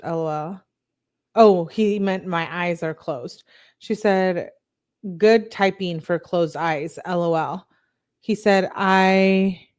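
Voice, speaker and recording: A woman's voice: mid-range voice, a little mellow. A woman reading text messages aloud, lifting her voice for the quotes and breaking off with blunt, candid asides. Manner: reads quotes in a slightly raised voice, blunt asides. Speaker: true-crime commentator.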